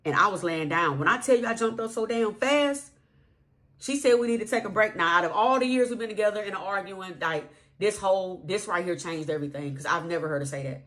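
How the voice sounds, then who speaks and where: A woman tells a personal story in a casual storytime vlog. Her voice sits a little low. She talks emphatically and leans on repetition and slang. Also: animated, fairly quick, few pauses, fairly bright tone. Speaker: vlogger.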